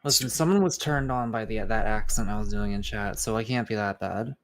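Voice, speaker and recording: A man's voice: lowish voice, brisk, a bit bright. A man joining a game stream, bantering in casual chat and acting hurt at being teased. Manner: joking, mock-offended.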